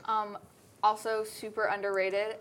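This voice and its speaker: A woman's voice: medium pitch, level tone, a little slow, fairly bright tone, a little hiss or hum. A woman from Oregon co-hosting a podcast, talking in casual chat with a playful, enthusiastic manner. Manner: enthusiastic and playful, jokes with friends. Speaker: podcast co-host.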